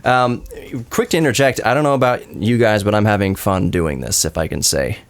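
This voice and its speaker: A man's voice: lowish voice, brisk. Male podcast host, chatty and rambling, mid-range voice, keeps circling back to his point. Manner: rambling, self-correcting, apologetic asides. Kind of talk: casual roundtable chat.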